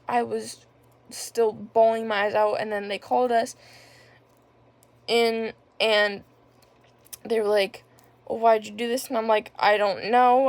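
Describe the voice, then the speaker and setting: A young woman talks through a personal story in a loose, rambling way, full of filler words. Her voice sits a little high and often drops into a gravelly fry. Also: no echo. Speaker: vlogger.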